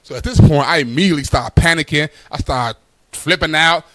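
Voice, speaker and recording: Animated bright-voiced male comedian. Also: a little high, a little fast, no room sound. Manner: animated, laughs at his own jokes; loose casual talk with many fillers. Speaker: stand-up comedian. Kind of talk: stand-up storytelling.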